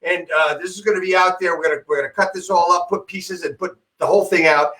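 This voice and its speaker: A man's voice: high voice, fairly even intonation, quick pace, bright, forceful tone. A man hosting a podcast over a video call, upbeat and chatty as he wraps up. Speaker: podcast host. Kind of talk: casual chat.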